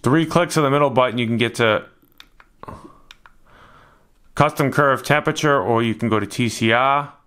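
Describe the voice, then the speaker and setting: A man's voice: mid-range voice, fast talker, a bit bright. Laid-back man reviewing gear. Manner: laid-back, matter-of-fact, plain-spoken. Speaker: product reviewer. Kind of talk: casual product review narration.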